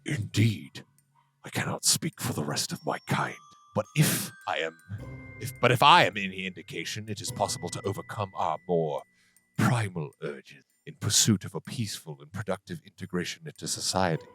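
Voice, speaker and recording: A formal, unhurried mind flayer scholar, as a man puts him on, low and measured in every word. He sounds gentle and refined rather than monstrous. Faint music plays behind him. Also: expressive, slightly rough, full character voice.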